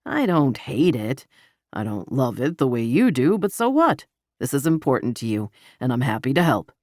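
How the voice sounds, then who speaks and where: A woman voicing a gentle, caring man. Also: a bass voice, sing-song, moderate pace, no echo, studio quality, exaggerated voice. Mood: reassuring. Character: tender caring adult man, lover.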